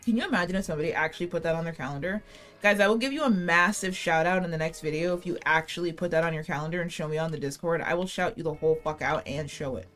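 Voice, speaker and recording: A woman's voice: deep voice, quick pace, fairly bright tone, faint music behind. A young woman chatting casually over gameplay in a rambling, profane, self-mocking way. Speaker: gaming channel host.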